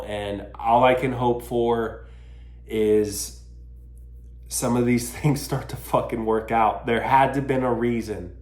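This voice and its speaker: Guy ranting on his podcast, fed up, swearing a lot, laughing at himself, mid-pitch voice, roomy echo. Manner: exasperated, swearing, self-mocking. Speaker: podcast host. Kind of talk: casual solo podcast rant.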